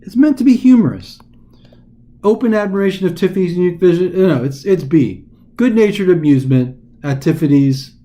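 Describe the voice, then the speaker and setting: Male tutor, casual chatty explainer who acts out the reading, warm tone. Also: fairly high pitch. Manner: informal, chatty, dramatizes the text. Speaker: test prep tutor. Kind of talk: casual recorded lesson.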